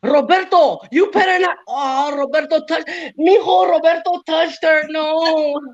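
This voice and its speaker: Man doing a shrill scolding old grandma. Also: a little slow, no room sound. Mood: scolding, frantic. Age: older. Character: frantic old grandma yelling at a telenovela. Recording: dull, muffled audio.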